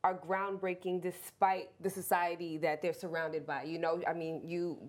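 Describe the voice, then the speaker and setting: A woman's voice: lowish voice, level tone, moderate pace. A woman co-hosting a casual panel chat show, talking with enthusiastic emphasis. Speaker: show co-host.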